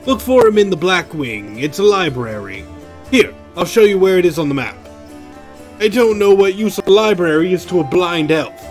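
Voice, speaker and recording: A man's voice: high-pitched, big pitch swings, normal speed, soft background music. A man reading aloud as a gloomy, guilt-ridden disgraced male crusader in a video game, in a weary, heavy tone. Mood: morose.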